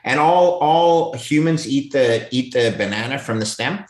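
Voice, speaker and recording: A man chatting casually as a guest on a video call, emphatic and animated. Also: medium pitch, unhurried, roomy sound. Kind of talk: casual chat.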